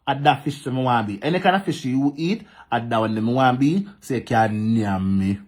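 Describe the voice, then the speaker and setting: A Jamaican-accented man with a mid-range voice, sounding off to camera in thick patois. He is animated and repetitive, firing back at his commenters. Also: mid-range voice, moderate pace. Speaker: social media vlogger. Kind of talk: casual ranting monologue to camera.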